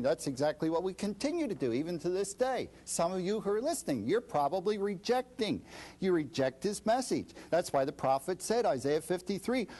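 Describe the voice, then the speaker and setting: A man's voice: high-pitched, warm tone. A man answering as a Bible scholar guest in an interview, explaining a text in an emphatic way and acting out the voices he quotes.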